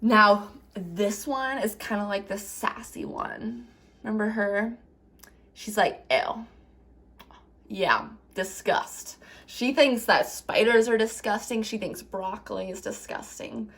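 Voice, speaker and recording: A young woman gently teaching children a craft, playful and asking them questions as she draws. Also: mid-range voice, unhurried. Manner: warm, playful, asks kids questions.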